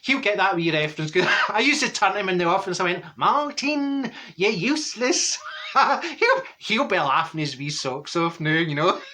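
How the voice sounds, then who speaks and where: A man's voice: high-pitched, very animated, moderate pace, bright, forceful tone, a little hiss or hum, exaggerated voice. A man playing a gossiping middle-aged Glasgow woman with a Glaswegian accent, telling rambling comic stories with lots of exclamations. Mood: gossipy. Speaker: comedy character monologue. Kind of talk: comic character storytelling.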